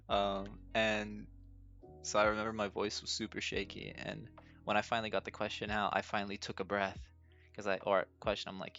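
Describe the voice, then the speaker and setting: A man's voice: fairly low pitch, little pitch movement, normal speed, fairly bright tone. A young man hosting a casual solo podcast, telling stories with frequent laughs and a self-deprecating manner. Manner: laughs often, self-deprecating, acts out his own nervous stammering. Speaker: podcast host. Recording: dull lo-fi audio with faint music.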